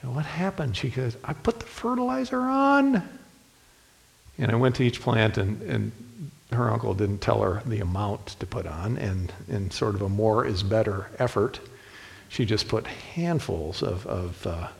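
A man's voice: on the low side, normal speed, creaky, a little mellow, long reverb tail. A man preaching a sermon in a folksy storytelling manner, speaking directly to the men in the congregation. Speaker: pastor.

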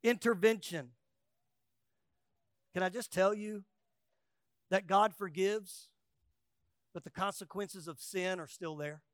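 Male pastor, high voice, emphatic sermon delivery, loud peaks and quiet asides, dry close recording. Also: slow pace, pauses often, no room sound. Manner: acts out quoted voices with humor.

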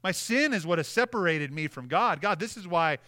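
A man preaching a sermon as pastor, earnest, often repeating words as he starts sentences, and dropping to a soft, low voice when he prays. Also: animated, fairly quick.

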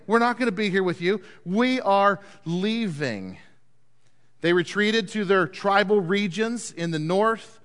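A man with a high voice preaches, retelling a Bible story in an animated way and putting questions to his listeners. His voice carries a long reverb, as in a large hall. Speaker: pastor teaching a Bible story. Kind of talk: sermon.

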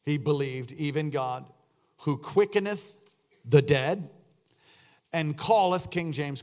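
A man preaching a sermon as pastor, telling a story that swings from hushed tones to loud shouting. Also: fairly high pitch, slow, pauses often.

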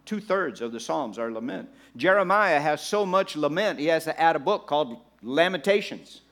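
A pastor delivers a sermon to his congregation in a conversational, animated style, acting out churchgoers' voices and laughing along with the room. His voice is on the high side, at a moderate pace.

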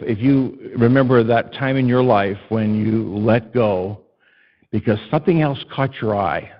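A middle-aged man preaching a sermon as a pastor, telling a childhood story with animated storytelling and building to urgent repeated appeals. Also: mid-range voice, lo-fi sound. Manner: animated storytelling, acts out a child's panicked screams.

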